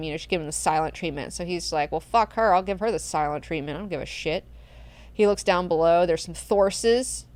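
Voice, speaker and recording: A woman's voice: mid-range voice, smooth, no room sound. A woman hosting a book club, recapping chapters in a slangy, profane, chatty way.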